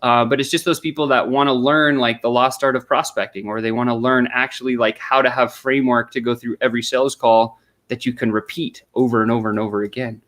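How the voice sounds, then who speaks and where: A man's voice: medium pitch, steady tone, quick pace, few pauses, fairly bright tone. A man on an interview, explaining a sales method step by step and acting out sample questions and replies. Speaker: sales consultant guest. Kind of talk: conversational interview.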